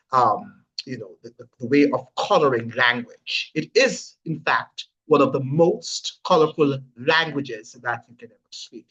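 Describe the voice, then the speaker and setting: A man's voice: mid-range voice, fairly bright tone. A man giving emphatic opinion commentary, lecturing and asking rhetorical questions. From Jamaica. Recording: husky voice, dull lo-fi audio.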